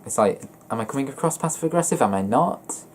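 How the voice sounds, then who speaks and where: A young man vlogging about his feelings in a flat, monotone voice, hesitant and often stopping to correct himself. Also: mid-range voice, slight background noise. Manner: hesitant, halting and self-correcting. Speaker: gaming YouTuber. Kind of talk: personal confessional vlog.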